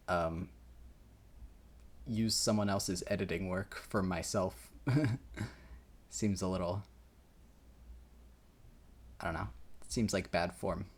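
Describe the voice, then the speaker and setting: A man casually rambling and reacting while music plays at home, swearing and chuckling now and then. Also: deep voice. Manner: rambling and laid-back, swears, chuckles often. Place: at home in his room. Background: game soundtrack playing softly.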